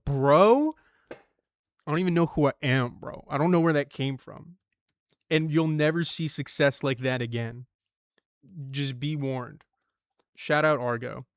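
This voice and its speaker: A man's voice: medium pitch, clean tone, no room sound, clean studio sound. A young man streaming himself solving word puzzles, thinking aloud, swearing and muttering clues to himself.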